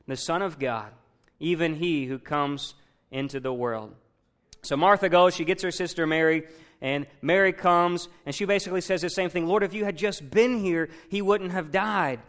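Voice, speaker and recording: Retelling a Bible story, this preacher keeps his sermon conversational and keeps asking the listeners questions. His voice sits a little high and sounds a bit bright.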